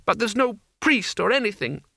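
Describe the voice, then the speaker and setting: A woman's voice: sits low, expressive, moderate pace, sharp tone, no room sound, studio quality, exaggerated voice. A man voicing a proud young princess who speaks coldly and imperiously. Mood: tearful. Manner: icy, imperious.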